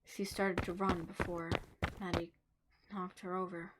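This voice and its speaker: A woman's voice: fairly low pitch, flat delivery, a little slow, heavy background noise. Woman narrating a story, dropping to whispers. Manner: dramatic, shifting between whispers and emphasis.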